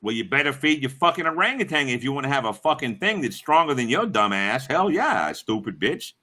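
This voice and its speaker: A middle-aged man rambles through a story on his livestream, swearing freely and breaking off to greet chat. His voice is bright and forward, swinging widely up and down in pitch. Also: big pitch swings, brisk. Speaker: livestream host.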